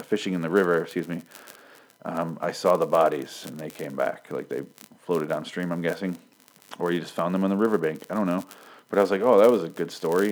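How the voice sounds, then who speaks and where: A man's voice: low voice, low-quality recording. A man giving a rambling, sarcastic recap of a TV episode, swearing a lot and acting out the characters' lines. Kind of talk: casual profane recap.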